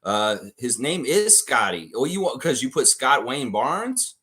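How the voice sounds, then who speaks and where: Animated man hosting live trivia. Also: medium pitch, unhurried. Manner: animated, reads and answers live chat. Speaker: live stream trivia host. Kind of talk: casual live stream chat.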